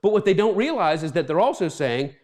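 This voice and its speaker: A man's voice: high-pitched, very animated, fairly quick, darkish tone. A pastor in his fifties preaching a reflective sermon, earnest and stumbling over repeated words as he talks. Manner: acts out quoted voices.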